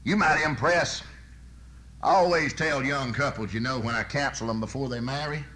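A man preaching a sermon, telling folksy stories and swinging from loud bursts to soft, low asides. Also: normal speed.

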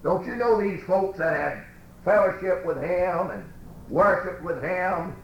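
A man preaching a sermon and reading scripture aloud in a church, with slow, emphatic, drawn-out phrasing. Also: high voice, highs cut off. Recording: echoey room with faint background noise.

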